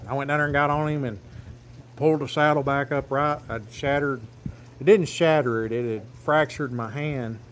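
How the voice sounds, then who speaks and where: A man's voice: mid-range voice, fairly even intonation, moderate pace, a little hiss or hum. A man, telling a rambling, plain-spoken farm story on a phone livestream. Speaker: farm vlogger. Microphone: phone camera.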